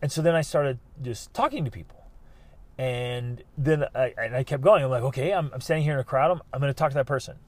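A man hosting a podcast, telling his own stories in an earnest, animated way with frequent restarts. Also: mid-range voice, fast talker, no room sound. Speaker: podcast host. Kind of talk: motivational podcast monologue.

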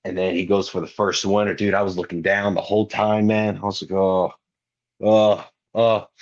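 A man's voice: sits low, little pitch movement, fast. A man in his twenties, a guest wrestler, telling a story in casual podcast talk and animatedly acting out other people's lines. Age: 20s. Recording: muffled lo-fi recording.

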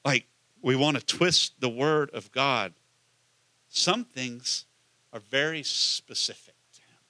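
A man's voice: mid-range voice, slow, bright, forceful tone, dry recording. A man, a pastor, preaching a conversational sermon and asking the listeners many questions.

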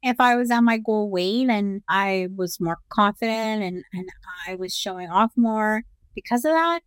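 A woman's voice: mid-range voice, moderate pace, clear, resonant tone, dry recording. A woman with a mid-range voice chats on a podcast and keeps agreeing and laughing along. Her replies are often short, and her longer points come out easily. The recording is dry and close. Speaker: podcast co-host. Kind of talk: casual chat.

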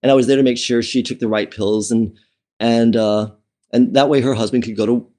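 A man speaks as an interview guest, recounting his life in a candid, emotional way. His voice is mellow and relaxed in tone, and he often restarts phrases and fills pauses with um and you know. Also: medium pitch. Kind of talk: personal storytelling in conversation.

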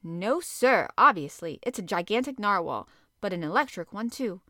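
A bold, plain-spoken harpooner, read by a woman narrator in a storybook reading. He sounds sure of himself, at an ordinary middle pitch. The recording is close and dry. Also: animated, moderate pace, sharp tone, no echo. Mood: confident. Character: bold, blunt male harpooner. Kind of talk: audiobook character reading.

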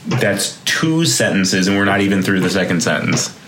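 A man's voice: low voice, very animated, moderate pace, noisy background. A man hosting a comedy podcast, riffing wryly and mock-seriously. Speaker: podcast host. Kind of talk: comedic banter. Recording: roomy echo.

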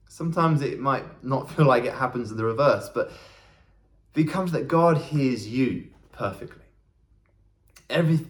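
A young man giving a relaxed devotional Bible talk, chatty and self-deprecating, often laughing as he tells a story. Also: mid-range voice. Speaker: church worker training as vicar.

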